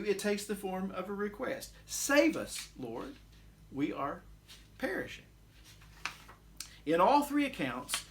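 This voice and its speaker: A man teaching a bible lesson, speaking slowly and deliberately with frequent "uh" pauses, his voice rising sharply when he quotes. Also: fairly high pitch. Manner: slow and deliberate, many "uh" pauses, voice rises sharply when quoting. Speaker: pastor teaching scripture.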